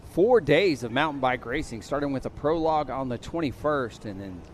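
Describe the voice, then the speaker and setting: Outdoors at a mountain bike race venue, a man calls results and rider call-ups over the PA in a lively, rapid announcing style. His voice is medium-pitched, with slight background noise.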